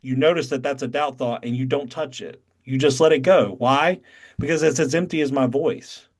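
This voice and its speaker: A man's voice: mid-range voice, moderate pace. A man with a Southern accent leads a spiritual session over a video call. He talks bluntly and emphatically, swearing often to drive points home. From North Carolina. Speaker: satsang teacher.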